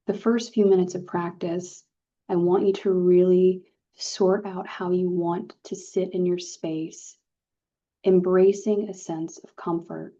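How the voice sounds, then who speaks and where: A woman leading a guided relaxation session, speaking calmly and gently with soft pauses. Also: on the low side. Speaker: meditation guide. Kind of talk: guided meditation talk. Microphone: video call. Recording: dull lo-fi video call audio.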